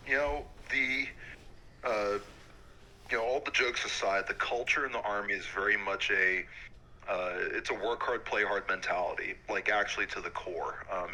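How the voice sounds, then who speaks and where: Frank, forceful-sounding man in his thirties. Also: fairly low pitch, poor audio. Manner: frank, relaxed, many fillers. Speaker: guest, Army warrant officer. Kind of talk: casual interview.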